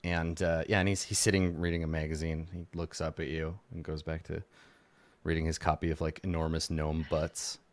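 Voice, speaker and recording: A man's voice: extremely low pitch, little pitch movement, normal speed, no room sound. A man running a tabletop game as game master, narrating casually with many fillers.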